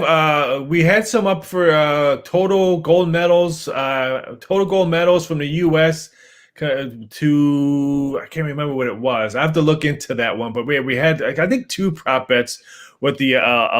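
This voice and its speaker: A man co-hosting a sports podcast, talking through betting lines in a halting way, with lots of fillers. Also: medium pitch. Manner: halting, many fillers and restarts. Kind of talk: casual podcast chat.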